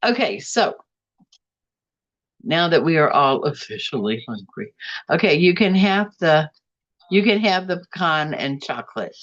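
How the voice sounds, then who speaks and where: A woman hosting a casual live stream, chatting and reading out viewer comments, with a drawn-out, bouncy way of talking. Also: lively intonation, fairly bright tone, highs cut off. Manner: chatty, drawn-out, swings up and down in pitch.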